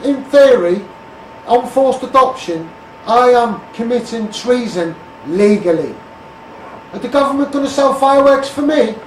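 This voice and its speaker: A high-pitched Scouse man from the Liverpool area campaigns on Facebook Live, ranting bluntly and emphatically and calling everyone mate. Picked up by his phone from a distance, his voice sounds echoey and roomy over a faint hiss of background noise.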